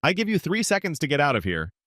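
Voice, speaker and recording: A man's voice: mid-range voice, very animated, normal speed, fairly bright tone, no echo, clean studio sound, pitched above the performer's own voice. A man voicing a strong young male shop owner who speaks curtly and threateningly. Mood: stern. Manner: threatening, curt.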